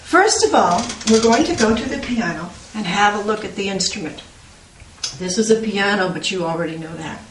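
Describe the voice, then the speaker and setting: Lively woman teaching piano to children. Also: a little high. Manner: animated, sing-song, imitates bird and dog sounds. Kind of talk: children's music lesson. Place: room with a piano. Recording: echoey room, mic at a distance. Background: piano playing.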